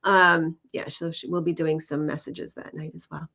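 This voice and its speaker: A woman from the US East Coast, a guest medium and teacher, talking in a friendly, halting way and laughing often. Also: low-pitched, level tone, pushed and bright. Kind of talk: casual conversation.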